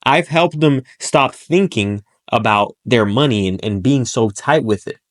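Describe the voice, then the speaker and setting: A man with a medium-pitched voice delivers an unhurried motivational monologue on persuasion as a self-improvement speaker. Blunt and profane, he acts out short quoted voices and emphatically repeats his key points to drive them home.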